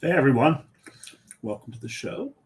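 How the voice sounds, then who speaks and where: A man's voice: medium pitch, sing-song, normal speed, a little mellow. A middle-aged man co-hosting a podcast, telling rambling stories with many ums and restarts. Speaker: podcast co-host. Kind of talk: casual storytelling.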